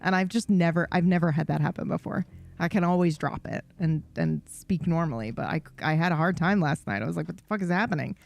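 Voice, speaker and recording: Gravelly, low-pitched woman streamer. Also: fairly quick. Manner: rambling, profane, self-deprecating. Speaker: livestreamer. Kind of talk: casual chat.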